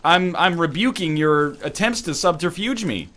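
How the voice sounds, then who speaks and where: A man's voice: fairly high pitch, lively intonation, moderate pace, a bit bright. A man hosting a let's play, chatting casually at home with a wry, sarcastic banter while he plays. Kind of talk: casual chat over gameplay. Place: apartment.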